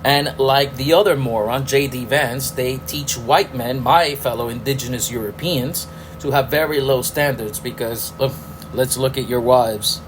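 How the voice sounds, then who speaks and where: A man's voice: medium pitch, a little slow, background noise. Angry profane male podcast ranter. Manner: angry, profane, sarcastic rhetorical questions. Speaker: podcast host. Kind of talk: ranting political commentary.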